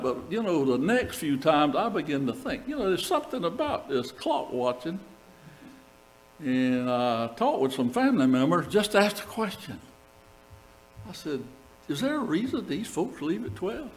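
An older man preaches a sermon in a slightly high voice. He tells stories from his own ministry and reads scripture aloud, turning to the congregation with quick asides. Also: poor audio. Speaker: pastor.

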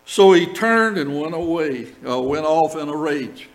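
A man's voice: a little high, lively intonation, unhurried, few pauses, rough recording. An older man, a pastor preaching a sermon, reading scripture and telling stories with asides to the congregation. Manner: storytelling, reads scripture aloud with asides to the congregation.

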